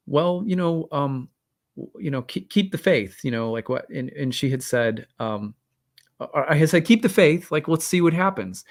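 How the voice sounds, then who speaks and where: A man hosting an astrology channel has a mid-range voice. He delivers a casual storytelling monologue about something personal, candid and rambling, with frequent fillers and self-deprecating asides.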